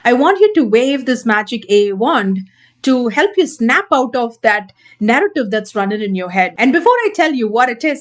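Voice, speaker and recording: A woman parenting coach teaching straight to camera, earnest and emphatic, repeating her key points. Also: on the high side.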